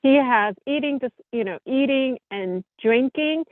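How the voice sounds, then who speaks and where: Female caller, slightly high voice, halting, thin phone-line sound. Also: expressive, no echo. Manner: hesitant, many fillers and restarts. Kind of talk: call-in conversation. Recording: tinny dry phone line.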